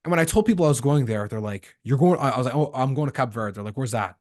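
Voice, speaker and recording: A man from Canada hosting a podcast, telling lively stories in a casual chat and acting out the lines of the people in them. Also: medium pitch, rapid-fire. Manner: lively storyteller acting out quoted dialogue. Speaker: podcast host.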